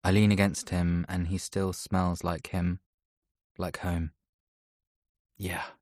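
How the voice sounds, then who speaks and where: A man reading a first-person audiobook in a soft, intimate, reflective way, close to a studio mic. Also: deep voice, level tone, a little slow, no room sound. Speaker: audiobook narrator. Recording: dry close studio sound.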